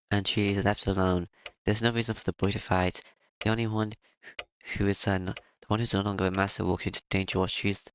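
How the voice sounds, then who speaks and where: A man reading a visual novel aloud in a plain, steady voice, stumbling and restarting now and then. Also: lowish voice, gravelly, dull audio, slight background noise. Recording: music playing behind.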